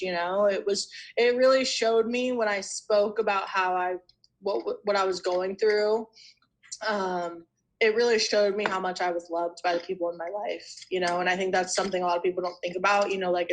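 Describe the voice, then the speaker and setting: Young woman, podcast guest, personal story, casual, rambling, many fillers, middle pitch. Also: poor audio. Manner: rambling, fills speech with "you know" and "like". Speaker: guest sharing recovery story.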